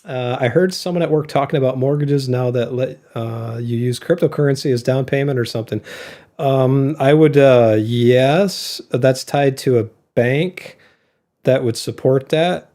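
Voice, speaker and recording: Male co-host, warm low-key tone, loose rambling delivery. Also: a little slow. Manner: rambling explanations with fillers and laughs. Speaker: co-host of an investing show. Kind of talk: casual podcast chat.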